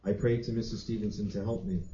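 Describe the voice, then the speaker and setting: Troubled young woman read by a man, hushed and haunted, dark tone, roomy dull room. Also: on the low side, fairly even intonation, fast, a little hiss or hum, lightly acted.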